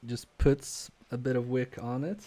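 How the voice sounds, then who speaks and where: A man's voice: medium pitch, normal speed. A man streaming live while repairing electronics, thinking aloud in a hesitant, self-questioning way, with many fillers and trailing-off sentences as he works. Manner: quietly focused, mutters while working.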